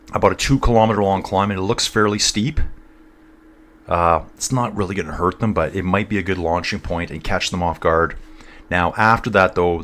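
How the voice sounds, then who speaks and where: A middle-aged man talks through a live stream of a cycling race in a loose, rambling way. He keeps drifting off topic and calls his viewers "guys" and "dude". His voice sits on the low side. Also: fairly bright tone. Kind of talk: casual live-stream commentary, chatting with viewers.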